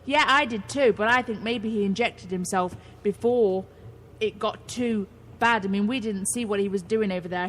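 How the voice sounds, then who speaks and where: Female radio co-host, casual and talkative, with a faint noisy background. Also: medium pitch. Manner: chatty, spins long rambling theories. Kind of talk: casual chat.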